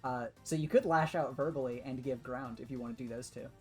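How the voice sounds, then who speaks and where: A woman's voice: rumbling low, a little fast, a little mellow, soft background music. A young woman running a superhero tabletop game as game master, casual and laughing often, with hesitant fillers.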